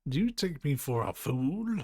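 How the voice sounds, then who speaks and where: A man's voice: a little high, big pitch swings, unhurried, dark tone, dry recording, clean studio sound, voice pushed up. A man reading the lines of an arrogant, hostile older scientist in a video game, speaking in a scornful, demanding manner. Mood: interrogating.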